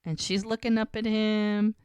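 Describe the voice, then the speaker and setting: A woman's voice: medium pitch, little pitch movement, moderate pace, a little mellow, clean tone, no room sound, lo-fi sound. A woman co-hosting a casual podcast, retelling a TV scene and acting out each character's lines as she goes. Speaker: podcast co-host. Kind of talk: casual recap chat.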